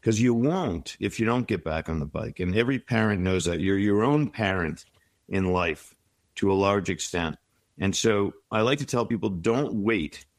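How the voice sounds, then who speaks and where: A man's voice: fairly low pitch, no room sound. A middle-aged man giving reflective, encouraging advice as an interview guest. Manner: reflective, encouraging, tells stories.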